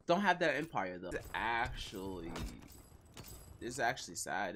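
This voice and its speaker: This is a gaming YouTuber riffing through casual commentary in a loose, slang-heavy way. The voice is lively, with pitch leaping up and dropping low again as excitement and annoyance trade places. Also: moderate pace, slight background noise. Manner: excitable, frustrated, slangy, restless.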